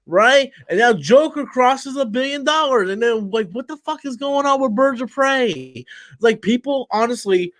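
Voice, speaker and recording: Tired male stream host, higher-pitched voice, blunt and profane, rambling casual rant. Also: expressive, normal speed, a bit bright, dry recording.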